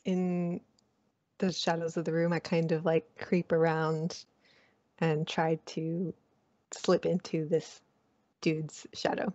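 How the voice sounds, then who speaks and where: A woman with a lowish voice plays in a tabletop game, softly and playfully narrating her character's moves. Her sound comes through dull and muffled. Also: flat delivery, slow pace, long pauses, dry recording. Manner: playful, giggly, describes actions softly. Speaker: player.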